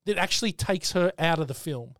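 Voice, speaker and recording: A man hosts a casual film podcast in a fairly high voice. He talks bluntly and swears freely. The sound is dry and close. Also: lively intonation, fast talker, a bit bright, no echo. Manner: blunt, sweary, leads the segments. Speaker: podcast host.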